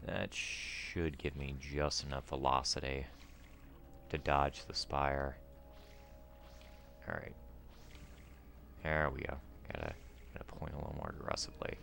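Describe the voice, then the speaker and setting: This let's play host has a low, expressive voice that's pushed and bright, clear and resonant, and he speaks a little slowly. His gameplay commentary is casual as he chats and rambles through trivia, letting out a yelp each time he fails.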